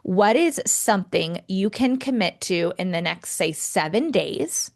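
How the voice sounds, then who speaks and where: A young woman co-hosts a life-coaching podcast in a casual chat. Her voice sits at an ordinary middle pitch, and she talks with lively encouragement, laughing easily and urging listeners to act. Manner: encouraging, animated, coaching listeners toward small commitments. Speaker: podcast co-host.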